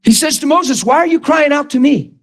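Male preacher with a high voice, fervent sermon delivery that climbs into shouting. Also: fairly quick. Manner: impassioned, rising to shouts when quoting himself.

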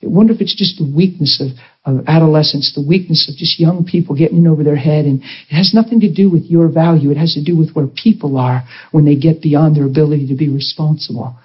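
Husky preacher man telling a story. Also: fairly high pitch, fairly even intonation, fairly quick, dull audio. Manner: emotional, acts out quoted voices. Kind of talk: storytelling sermon.

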